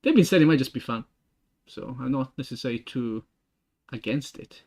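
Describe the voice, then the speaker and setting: A young man with an Italian accent, a game developer thinking aloud while he works, halting with many fillers and restarts. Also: mid-range voice, expressive, darkish tone. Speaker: game developer streaming his work. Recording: dull lo-fi stream audio.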